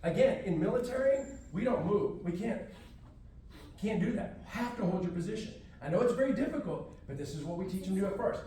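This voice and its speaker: A man's voice: high voice, lively intonation, a little fast, warm tone, a little hiss or hum. A man from Houston teaching a martial arts class to kids and parents in a firm, commanding, drill-like way. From Houston, Texas. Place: library room, echoey. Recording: echoey room, from far off.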